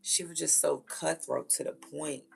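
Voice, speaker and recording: A woman who is a mother, telling stories in a blunt, profane, animated way and laughing often. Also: low voice, normal speed, creaky, breathy edge. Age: adult with children. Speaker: vlogger. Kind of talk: casual storytelling rant.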